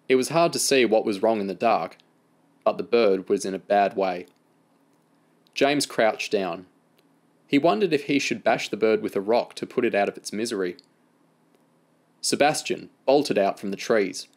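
A man reading a novel aloud, narrating in an even, measured storytelling manner. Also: fairly low pitch. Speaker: audiobook reader. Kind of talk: scripted narration.

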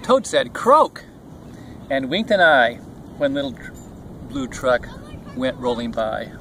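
A man's voice: mid-range voice, unhurried, fairly bright tone. An older man reading a picture book aloud to his grandchildren outdoors at a beach, playfully doing animal and truck sounds. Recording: faint outdoor background noise.

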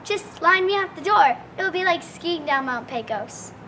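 A woman's voice: very high voice, animated, normal speed, sharp tone, recorded from a distance, a little hiss or hum, full character voice. A woman voicing a sassy talking jukebox. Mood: bossy. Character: sassy female talking jukebox, lonesome country singer.

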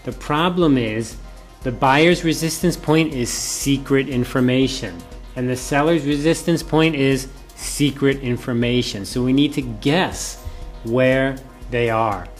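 A man's voice: mid-range voice, a little slow, faint music behind. A male professor giving a classroom lecture, often repeating key points and asking rhetorical questions.

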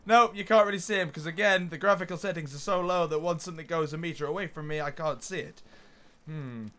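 A young man giving excitable gameplay commentary, yelling at enemies and laughing as he plays. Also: fairly high pitch, quick pace. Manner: excitable, swears mildly, often laughs and yells at enemies. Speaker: gaming YouTuber.

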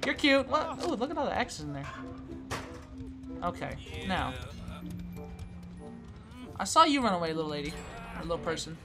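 Her voice sits at a medium pitch as she gives casual commentary on her gameplay for YouTube. She jokingly taunts the other players, her volume jumping from quiet mutters to loud squeals.

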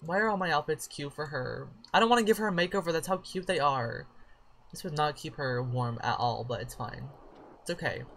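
A woman hosts her own let's-play, rambling at the game in a relaxed, casual way. Her voice has a bright, forceful edge. She curses freely and now and then breaks into excited shrieks. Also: low-pitched, brisk, a little hiss or hum. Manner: chatty, profane, with sudden shrieks of surprise. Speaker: gaming channel host.

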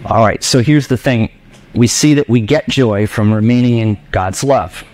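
Man, pastor, lively sermon, jokey asides, acts out his listeners, church. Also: mid-range voice, normal speed, slight background noise. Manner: animated, jokey, acts out voices of the congregation.

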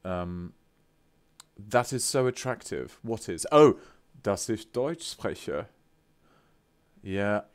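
A British man with a fairly low voice chats live with his stream audience. He is excitable and playful, reading out viewer messages and breaking into grand, theatrical exclamations. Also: moderate pace. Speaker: voice actor streaming a game.

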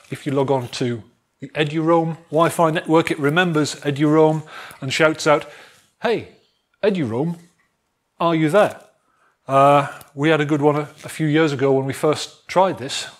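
A man lecturing a student society on wifi security in a jovial, animated way, acting out phones calling for networks. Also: a little high. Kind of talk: technical talk to a student society.

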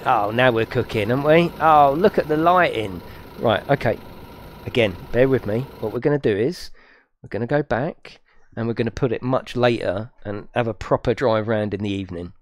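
A man giving excitable, chatty live commentary while streaming a game and talking to his viewers. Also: mid-range voice, moderate pace, no echo.

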